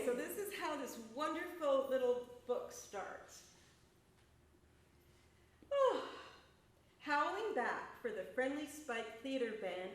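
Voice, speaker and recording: A woman poet giving a measured, deliberate poetry reading and spoken-word performance in a gallery. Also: a little high. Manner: measured, deliberate, rhythmic delivery. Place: echoey gallery hall. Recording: echoey room, mic far away.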